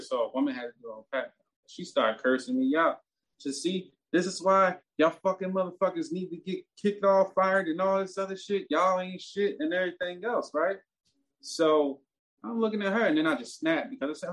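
A man's voice: a little high, moderate pace. A man, telling a story in casual, profane talk that turns heated. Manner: animated, profane, gets heated and loud.

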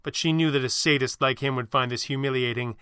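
Bright-voiced male storyteller. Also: mid-range voice, fairly even intonation, fast talker, clean tone, dry recording, studio quality. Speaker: narrator. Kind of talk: audiobook-style adventure narration.

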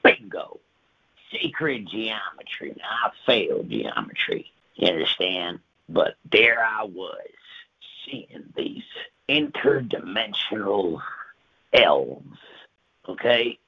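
Gravelly man spinning a wild tale. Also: deep voice, sing-song, slow pace, muffled recording. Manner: wild, profane, swings from loud outbursts to hushed whispers. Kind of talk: rambling comic tall tale on radio.

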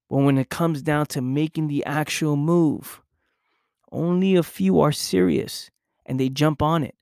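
A man's voice: fairly high pitch, fairly even intonation, normal speed, creaky, a little mellow, dry recording, clean studio sound. A young man speaking in an intense motivational monologue, acting out his own past inner voice.

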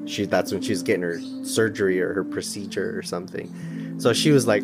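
A man tells a personal story in a relaxed, conversational way, letting out small laughs as he goes. His voice sits on the low side. Music plays clearly underneath him. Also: brisk. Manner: chuckles often while telling. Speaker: storyteller guest.

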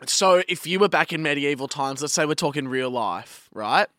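A young man co-hosting a podcast, chatting casually, swearing and telling an animated story. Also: fairly high pitch, normal speed, no room sound, clean studio sound. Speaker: podcast co-host. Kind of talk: casual chat.

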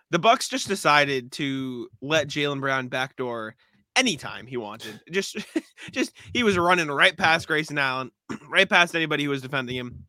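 Guy on a sports podcast, bright voice, dry close mic, keeps clearing his throat and stumbling into the next point. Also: on the high side, animated, dry recording. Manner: rapid game recap, frequent throat clearing and stammered restarts. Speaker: podcast co-host. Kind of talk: casual sports chat.

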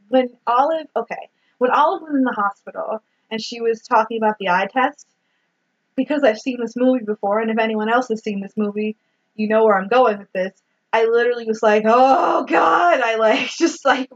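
A woman recapping a movie in casual chat, swearing freely and quoting scenes. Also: on the high side. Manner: swears freely, retells scenes with acted quotes. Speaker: podcast co-host. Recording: dull lo-fi sound.

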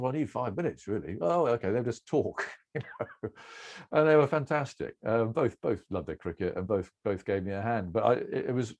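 A middle-aged man telling relaxed anecdotes as an interview guest, rambling and self-deprecating with restarts and chuckles. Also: lowish voice. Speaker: cricket broadcaster, interview guest.

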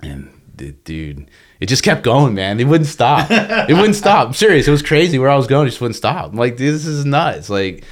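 A man's voice: medium pitch, very animated, a little fast. A man working as a fishing guide, telling stories in a laid-back, rambling, profane way during a casual chat.

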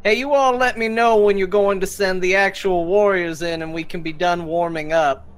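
A man voicing a cocky adventurer who shouts a mocking taunt at an orc. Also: high voice, fairly even intonation, moderate pace, clear, resonant tone, voice pushed up, natural voice.

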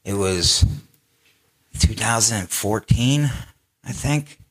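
A man's voice: fairly low pitch, slow pace. A man speaking as a guest on a live panel, telling his own story candidly, with laughter and quoted asides.

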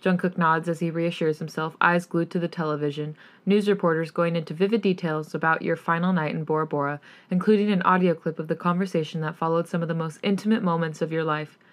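A woman's voice: sits low, fairly even intonation, quick pace, few pauses. A woman hosting a podcast, reading fanfiction aloud expressively and reacting emotionally between chapters. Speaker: podcast host and fanfic reader.

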